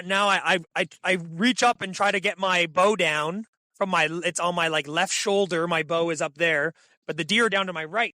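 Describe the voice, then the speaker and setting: A young man telling hunting stories as a podcast guest, in an excitable, animated way full of fillers. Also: sits high, no echo. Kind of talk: casual storytelling.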